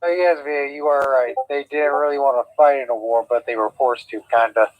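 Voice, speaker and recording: A man joining a casual livestream, joking in a deadpan way. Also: mid-range voice, a little fast, no room sound, narrow, tinny audio. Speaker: livestream co-host.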